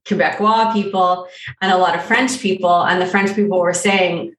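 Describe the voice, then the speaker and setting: A woman's voice: fairly low pitch, fairly even intonation, normal speed, fairly bright tone. Chatty woman, roomy echo. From Canada. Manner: chatty, lots of fillers, laughs often. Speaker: guest, life coach. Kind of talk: casual conversation. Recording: roomy echo, distant from mic.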